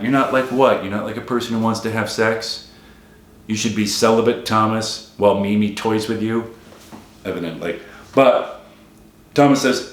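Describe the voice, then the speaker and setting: A man's voice: fairly low pitch, moderate pace, reverberant. A man giving a wry, emphatic solo critique of a film, repeating his points for effect. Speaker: film commentator.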